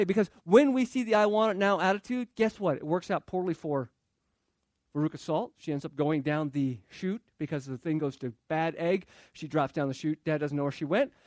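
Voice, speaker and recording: Man, pastor, sermon, conversational, high-pitched, dry sound. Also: a little mellow, dry recording. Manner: conversational, acts out quoted voices. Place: church.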